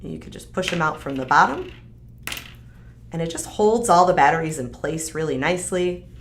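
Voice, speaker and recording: Woman, live stream host, casual product demo, chatty and upbeat, lowish voice. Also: moderate pace, slight background noise. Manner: upbeat, chatty, frequent fillers. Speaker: live stream host presenting a craft kit.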